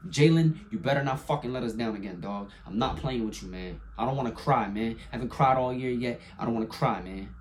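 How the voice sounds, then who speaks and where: A young man giving his weekly football picks in a casual, profane monologue, jumping between loud hype and quiet mumbling. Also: brisk, hardly any pauses, slight background noise. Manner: hyped and profane, swinging from loud excitement to low mumbles. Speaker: sports picks vlogger. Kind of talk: casual sports prediction monologue.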